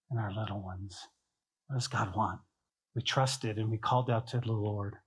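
A man preaching a sermon as pastor, telling stories with lively acted-out voices and dropping to a soft hush on key points. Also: mid-range voice. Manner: animated storytelling, acting out biblical figures in voices; drops to soft, quiet delivery on key points.

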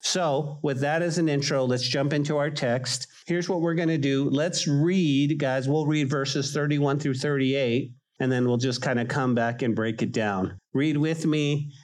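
A man preaching a sermon in a voice that sits on the higher side for a man. He talks to his congregation in a conversational, emphatic way and leans on repetition to drive his points home. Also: fairly even intonation, measured pace, hardly any pauses, rough recording. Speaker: pastor.

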